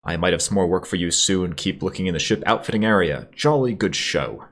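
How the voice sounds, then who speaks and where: A man voicing a shrill, pompous older male officer with a nasal whine and a put-on posh old English accent. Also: expressive, fairly quick, fairly bright tone. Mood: blustering. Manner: blustering, jolly, self-important.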